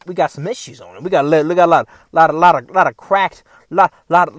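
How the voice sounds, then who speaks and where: A man's voice: a little high, fast talker, few pauses, a bit bright, no room sound. A man rambling sarcastically to the camera from a parked car, stammering, repeating himself and swearing a lot. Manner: repetitive, stammering, frequent swearing. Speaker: vlogger.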